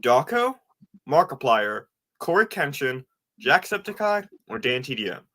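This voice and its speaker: Bright, animated joking man. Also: mid-range voice, a little slow. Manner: joking, gives opinions freely. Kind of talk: casual chat.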